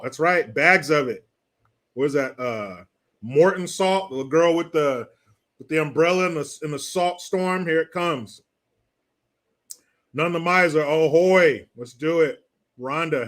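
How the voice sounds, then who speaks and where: Joking man with a fairly high voice. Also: lively intonation, slow pace, pauses often. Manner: joking, laughs between lines. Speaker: host. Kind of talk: casual commentary reading viewer messages.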